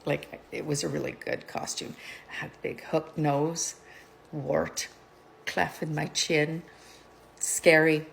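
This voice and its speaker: A middle-aged woman chats to her vlog viewers in a rambling, digressive way and laughs often. Her voice sits low, with a gravelly fry running through it. There is faint noise in the background. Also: little pitch movement, slow pace, long pauses. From Canada. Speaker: vlogger. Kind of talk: casual chat, rambling storytelling.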